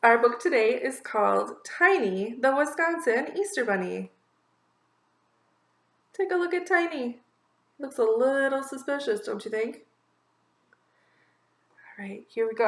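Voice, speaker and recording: A woman reading a rhyming children's picture book aloud in a lively, expressive, sing-song way. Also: fairly high pitch, a little slow, long pauses, reverberant. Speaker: children's story reader. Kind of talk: storybook read-aloud.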